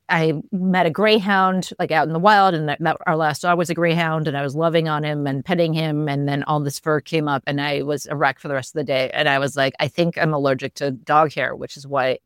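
A man's voice: a little high, steady tone, moderate pace, fairly bright tone, clean tone, no room sound, studio quality. A middle-aged man co-hosting a casual chat, rambling wryly about pets and allergies. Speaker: podcast co-host.

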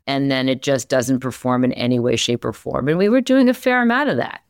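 A newspaper executive from the Philadelphia area, talking energetically in an interview with lots of restarts and sudden lifts in pitch. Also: brisk, clear, resonant tone, no room sound, studio quality. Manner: energetic, animated, many restarts. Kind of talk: conversational interview.

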